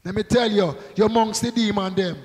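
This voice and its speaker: A man's voice: sits high, brisk, a little mellow, in a large hall, poor audio. A male pastor preaching a sermon, drawing out call-and-response with rhetorical questions and prompts to the congregation.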